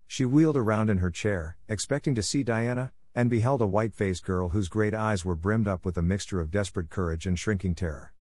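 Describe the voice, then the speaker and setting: A man calmly narrating a storybook in a measured way. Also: lowish voice, dry recording. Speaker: audiobook reader.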